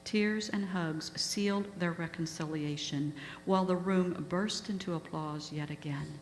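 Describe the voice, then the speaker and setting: Low-voiced woman telling a story in a hall. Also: a little slow. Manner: earnest, emotional retelling. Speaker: guest speaker. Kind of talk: storytelling talk. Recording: echoey hall with faint hum.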